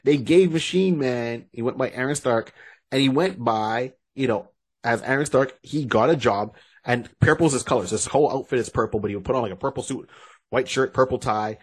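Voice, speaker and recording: A man co-hosting a podcast, telling stories in an animated, joking way with frequent restarts. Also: mid-range voice, moderate pace, husky. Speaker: podcast co-host. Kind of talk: casual podcast chat.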